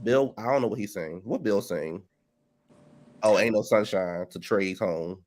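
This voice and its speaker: A man's voice: lowish voice, a little slow, a little mellow. A man co-hosting a casual chat, sassy and joking, cursing often. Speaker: co-host.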